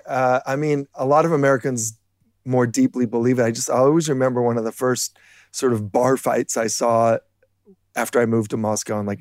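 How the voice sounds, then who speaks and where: Gravelly man in casual history chat. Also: medium pitch, dry recording, clean studio sound. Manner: relaxed, anecdotal, bursts into shouted impressions. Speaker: podcast co-host.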